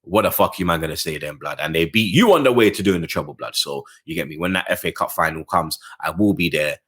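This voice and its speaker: A lower-voiced man runs through the weekend's football in a loose, slangy match review. He talks straight to the listener, keeps checking that they follow him, and his pitch climbs sharply when something matters to him. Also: lively intonation, fast, fairly bright tone, husky. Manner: slangy, keeps adding "blood, you get me"; passionate, rising pitch on key points. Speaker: football fan channel host.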